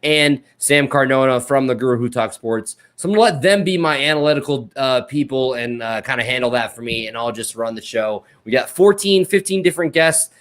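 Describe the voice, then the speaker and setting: A man's voice: mid-range voice, brisk, hardly any pauses, a bit bright. A man hosting a podcast, chatting casually and telling a joking story about a college football game. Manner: laid-back, joking storyteller. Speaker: podcast host.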